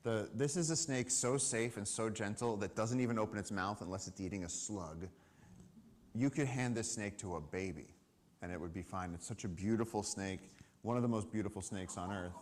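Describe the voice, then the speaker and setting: A man with a fairly low voice tells field stories to a live audience from a summit stage. He talks in an animated way and acts out the people he quotes. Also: moderate pace. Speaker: conservation speaker. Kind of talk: storytelling talk to a live audience.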